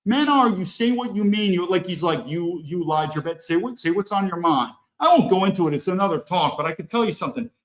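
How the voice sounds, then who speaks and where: A man's voice: sits high, animated, quick pace, few pauses, a bit bright, rough recording. Heated, profane middle-aged man ranting. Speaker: podcast host. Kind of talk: angry political rant.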